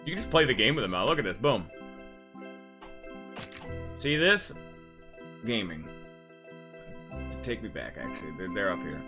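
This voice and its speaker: A man's voice: fairly low pitch, sing-song, normal speed, long pauses, music in the background. A man giving joking, sarcastic let's play commentary as he plays, swearing freely. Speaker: gameplay commentator.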